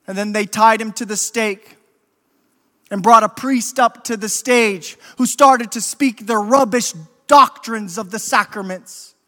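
A man preaches in a slow, deliberate cadence, his voice very high and bright. He builds to impassioned emphasis, and a long reverb from a large hall trails each phrase. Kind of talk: sermon storytelling.

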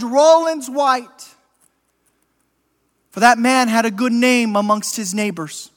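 A man preaching a sermon as a story, slow and deliberate, rising to impassioned emphasis. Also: high voice, fairly bright tone. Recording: long hall reverb.

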